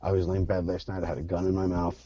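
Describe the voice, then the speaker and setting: Man doing a tearful, pleading patient in a spoken joke; low, dull recording. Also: flat delivery, rapid-fire, dark tone, no room sound. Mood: despairing. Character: despairing, tearful man pleading with his doctor.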